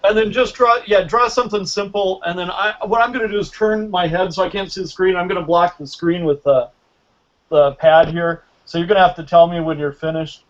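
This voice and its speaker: Man, high-pitched, animated storyteller, acts out dialogue, dull lo-fi sound. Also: brisk. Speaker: guest mentalist teaching magic. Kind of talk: casual storytelling lesson.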